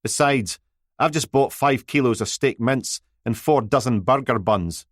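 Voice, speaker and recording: A man's voice: mid-range voice, a little slow, dry recording, studio quality, pitched above the performer's own voice, close to an everyday voice. A man voicing a smug newspaper reporter who teases and needles in a sarcastic manner. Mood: smug, teasing.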